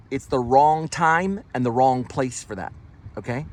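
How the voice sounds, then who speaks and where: A man's voice: medium pitch, lively intonation, normal speed. A man talking casually and angrily while driving, rambling and repeating himself in a ranting monologue. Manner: angry, rambling, repetitive. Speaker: vlogger, delivery driver. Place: in a car.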